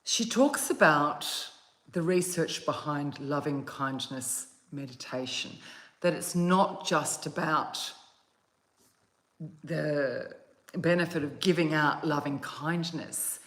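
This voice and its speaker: Female meditation host, casual home vlog, slow, gentle and meandering, roomy phone sound. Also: sits low. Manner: soft, gentle and meandering, with yawns. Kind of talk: casual chat to viewers. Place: at home, outdoors on a calm day.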